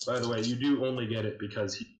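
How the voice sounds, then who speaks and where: A man's voice: mid-range voice, fairly even intonation, quick pace. A man narrating a tabletop game as game master, casual and full of fillers. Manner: casual, filler-heavy storytelling. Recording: echoey room.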